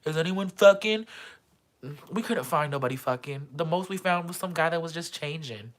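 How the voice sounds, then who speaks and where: A young woman vlogging a casual storytime monologue, animated and dramatic, crude and joking. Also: sits low, a little fast.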